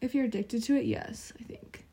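A woman co-hosting a podcast in casual chat, soft-spoken and giggly, saying "like" often. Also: fairly high pitch, animated, moderate pace, husky. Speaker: podcast co-host.

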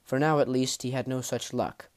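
A man narrating a fantasy audiobook in a measured, dramatic way, dropping low at the ends of phrases. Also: fairly even intonation, a little mellow, clear, resonant tone. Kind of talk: storybook narration.

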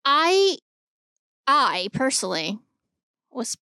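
A woman co-hosting a podcast in casual chat, animated and swearing freely as she argues her point. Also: high-pitched, slow, clear, resonant tone. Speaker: podcast co-host.

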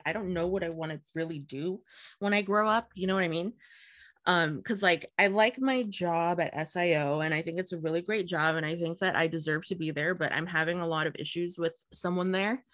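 A woman chatting casually with a friend, relaxed and teasing, laughing easily. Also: lowish voice, no room sound, studio quality. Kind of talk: casual chat.

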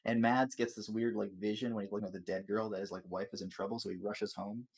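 A man's voice: fairly low pitch, fairly even intonation, fast, breathy edge. A man hosting a casual chat, rambling and swearing through a TV episode recap, stumbling over words and laughing.

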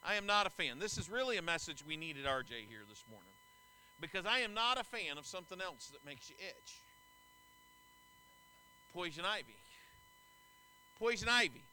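A man's voice: high-pitched, huge pitch swings, moderate pace, pauses often, pushed and bright, rough recording. A middle-aged man preaching a sermon as pastor, telling folksy, anecdotal stories to his congregation.

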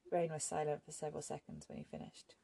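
A woman narrating an audiobook in a measured, even storytelling manner. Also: low voice, gravelly, husky.

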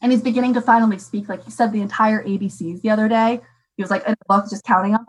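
A young woman talking casually as a parent, chatty and animated with many fillers. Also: mid-range voice, very fast, poor audio. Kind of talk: casual chat.

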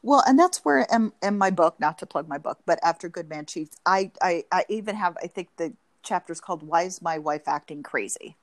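A woman who is a marriage and family therapist appears as a guest in a podcast interview, speaking animatedly and acting out spouses' lines in quoted voices. Her voice is lowish and fairly quick with few pauses, in a dry recording.

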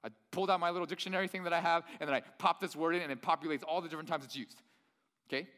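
A man's voice: fairly high pitch, steady tone, racing, fairly bright tone. A man preaching a sermon in a church hall, talking in an enthusiastic, nerdy, conversational way. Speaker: pastor.

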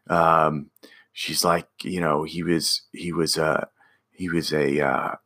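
A man's voice: a bass voice, level tone, slow, pushed and bright. A man casually telling a personal story about a driving job, rambling with restarts and fillers.

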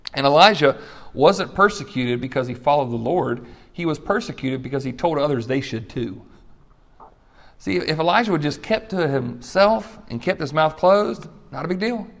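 A man's voice: a little high, gravelly. A middle-aged man preaching a sermon as a pastor, conversational, with asides and light laughs.

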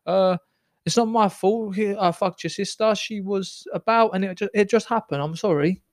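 A man doing a brash Maltese fellow who mumbles out excuses in choppy, broken English. The voice sits a little higher than a normal speaking voice. The recording is dry and close. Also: normal speed, no echo. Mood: sheepish.

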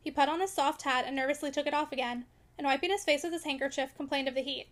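Woman reading aloud a classic novel, high voice, quick pace, expressive, audiobook narration. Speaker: audiobook reader.

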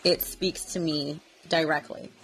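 A woman's voice: sits low, fairly even intonation, a little slow, fairly bright tone, low-quality recording. A woman speaking casually at home, chatty, with frequent fillers and restarts, and emotional, close to tears as she reads devotional passages aloud. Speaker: vlogger. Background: vacuum running in another room.

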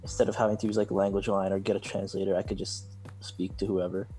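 A young man with a fairly low, mellow voice chats easily on a podcast. He hesitates often and leans on fillers while he thinks aloud, with faint music behind. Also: level tone, fast talker, poor audio. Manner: easygoing, hesitant, many fillers. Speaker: podcast co-host. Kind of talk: casual chat.

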